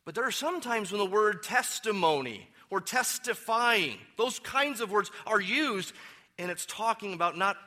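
Bright-voiced man preaching a sermon. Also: high-pitched, expressive. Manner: emphatic, slows down to stress key words. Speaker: pastor.

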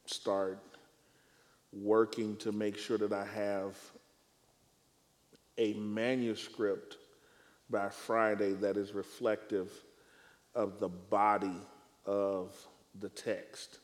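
Male preacher on a panel, unhurried and low-voiced, weighing each phrase, caught with a long hall reverb. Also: little pitch movement. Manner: measured, emphatic, deliberate phrasing.

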